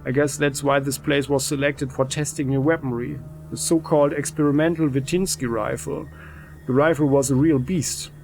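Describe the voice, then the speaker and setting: A man's voice: mid-range voice, fairly even intonation, normal speed, gravelly, a little mellow, lightly acted. A man reading aloud the lines of a game's ex-soldier, who brags about a rifle, in his own plain voice. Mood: boastful. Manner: reads game dialogue aloud plainly.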